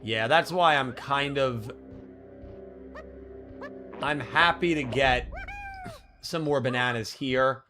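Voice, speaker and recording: A man streaming a video game live, chatting casually and reacting out loud, his voice going hoarse. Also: mid-range voice, slow, pauses often. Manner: chatty, excitable, reacts aloud and thanks viewers. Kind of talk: casual live gameplay commentary. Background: game music.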